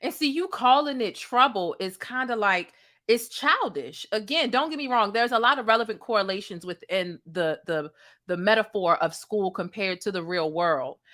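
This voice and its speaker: A woman's voice: medium pitch, animated, moderate pace, bright, forceful tone. A woman hosting a reaction commentary, sassy and incredulous, talking straight to the viewer. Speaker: commentary host.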